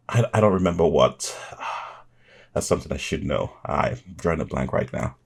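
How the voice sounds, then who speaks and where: A man's voice: extremely low pitch, animated, a little slow, vocal fry, husky. A man hosting a reaction video, chatting casually with enthusiasm and chuckles, often restarting his sentences.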